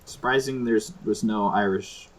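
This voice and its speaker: A man's voice: on the low side, steady tone, unhurried, low-quality recording. A young man chatting as a podcast guest, laid-back with dry remarks. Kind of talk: casual podcast chat.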